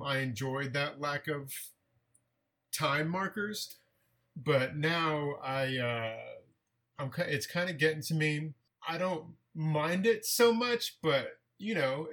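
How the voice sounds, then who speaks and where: A man's voice: on the high side, a bit bright. A man from the San Francisco Bay Area, a writer and TV editor, talking thoughtfully as a guest on a remote podcast call, often restarting words. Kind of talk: casual interview conversation.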